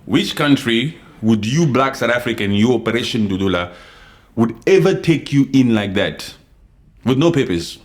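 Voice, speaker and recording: A man from Congo hosting an unscripted opinion podcast, talking forcefully and confrontationally, swinging between loud outbursts and quiet asides. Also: medium pitch, animated, normal speed. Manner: reads and answers live comments. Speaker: podcast host.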